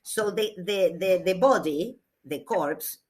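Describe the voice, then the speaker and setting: A woman, a literature teacher giving a classroom lecture, reading aloud slowly and explaining with hesitations. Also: fairly low pitch, a little mellow.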